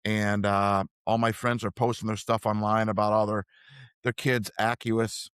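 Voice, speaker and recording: Older man with a low, earnest voice. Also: little pitch movement, moderate pace, fairly bright tone, clear, resonant tone, no echo, clean studio sound. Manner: reflective, earnest storytelling. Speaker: podcast co-host. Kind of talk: casual chat.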